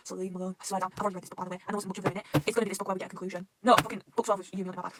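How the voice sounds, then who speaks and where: A young woman, recapping a manga arc in casual talk, swearing often and acting out the characters' lines with big bursts of excitement. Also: medium pitch, very fast, hardly any pauses, slight background noise. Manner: excitable, swears a lot, acts out quotes. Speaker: manga reaction host. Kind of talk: casual fan reaction monologue.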